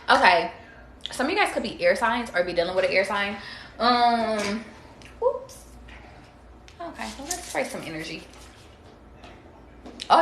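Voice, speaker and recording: A woman's voice: medium pitch, gravelly, a bit bright, a little hiss or hum. A woman giving a casual tarot reading to viewers, chatty, slangy and freely profane as she talks to them directly. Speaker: tarot reader. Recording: roomy echo.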